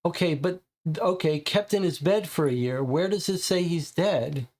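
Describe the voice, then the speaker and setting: A man's voice: on the high side, normal speed, darkish tone. A man playing a co-op mystery game, casually talking through the clues and sounding puzzled and frustrated. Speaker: co-op game player. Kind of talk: casual live-play chat.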